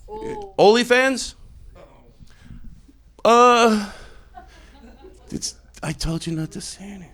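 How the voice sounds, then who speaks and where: High, lively-voiced Philadelphia comedian. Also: male voice, slow, pauses often, a crowd in the background. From Philadelphia, USA. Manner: mock-earnest, rambling, self-interrupting. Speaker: stand-up comedian. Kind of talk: improvised stand-up set. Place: comedy club stage.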